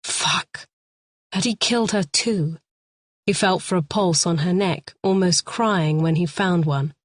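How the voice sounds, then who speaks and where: Low-voiced woman narrating a thriller. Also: a little slow, dry recording, clean studio sound. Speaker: audiobook narrator.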